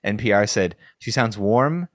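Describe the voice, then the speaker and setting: A man's voice: fairly low pitch, lively intonation, measured pace, no room sound, studio quality. A man co-hosting a podcast, chatting casually and rambling with many restarts. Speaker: podcast co-host. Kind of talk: casual chat.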